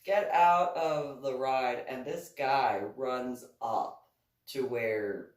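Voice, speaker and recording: A woman rambles slowly and casually through a personal story, with her speech full of "like" and "you know". Her voice bounces around an echoey room. She sits some distance from the mic. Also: a bass voice, darkish tone. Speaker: author reading and commenting on her book.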